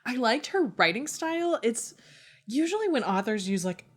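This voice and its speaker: A young woman's sing-song, high-leaning voice moves at normal speed as she co-hosts a laid-back book podcast. She laughs a lot, says "like" frequently, and swears at times.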